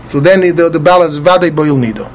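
Man teaching a talmud passage, fairly high voice, methodical, repeats himself, spells out hebrew letters, faint background hum. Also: a little fast. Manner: repeats words often while explaining, patient and methodical; spells out Hebrew letters and vowels with Ashkenazi pronunciation. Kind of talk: explaining a Talmud text.

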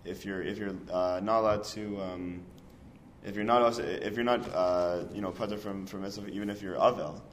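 A man in a Talmud class asking a question, hesitant and halting, with many restarts. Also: fairly low pitch, fairly even intonation. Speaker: student. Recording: distant from the mic, faint noise.

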